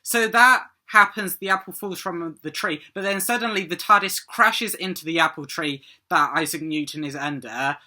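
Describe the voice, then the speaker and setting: A man's voice: sits high, moderate pace, few pauses, sharp tone. A man hosting a casual episode breakdown video, talking hesitantly with frequent ums. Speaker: fan video host.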